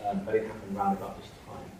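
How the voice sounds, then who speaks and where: A man's voice: lowish voice, monotone, fast, warm tone, slight background noise. A middle-aged man giving a university linguistics lecture, hesitant, with many ums and restarts. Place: lecture hall. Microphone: room mic from a distance. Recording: echoey hall from far off.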